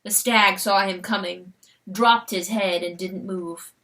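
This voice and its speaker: A woman giving an expressive, rhythmic dramatic reading of a storybook. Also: medium pitch, slow, far from the mic, heavy background noise. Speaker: audiobook narrator.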